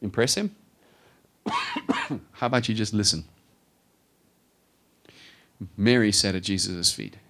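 A man's voice: fairly low pitch, measured pace. A middle-aged male pastor preaching a sermon, who acts out the voices of the people in the story. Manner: animated, acts out voices of Bible figures.

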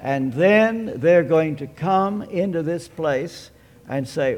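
A man preaching a sermon, measured and emphatic, posing rhetorical questions and answering them himself. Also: on the high side, lively intonation, a little mellow. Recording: long hall reverb.

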